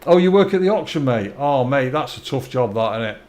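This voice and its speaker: A chatty man in middle age, talking to his viewers as he streams. He is friendly and easygoing, often repeating words and restarting his sentences, in a mid-pitched voice. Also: animated, brisk, a little mellow. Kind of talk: casual live-stream chat.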